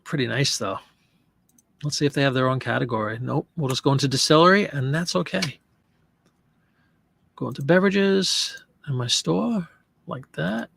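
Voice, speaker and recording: A man's voice: medium pitch, moderate pace, gravelly, pauses often, a bit bright, breathy edge, no room sound. A man casually talking through an online listing session, joking and fumbling over French pronunciation. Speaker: online reseller listing print ads.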